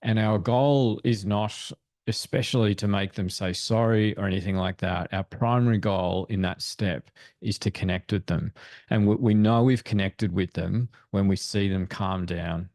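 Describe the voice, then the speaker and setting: Speaking earnestly as a guest parenting expert in a webinar, this man explains his points and voices the thoughts he quotes. He has a fairly low, slightly mellow voice with fairly even intonation at normal speed. The studio audio is clean, without echo.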